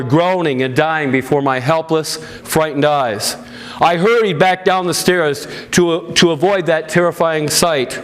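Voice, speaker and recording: A male pastor tells his story to a gathered audience, reading a written account aloud. His voice sits a bit high for a man. He delivers it earnestly and with feeling, breaking off now and then for plain, chatty remarks to the listeners. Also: unhurried. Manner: earnest, emotional storytelling with loud raised-pitch quotes; plain conversational asides to the audience.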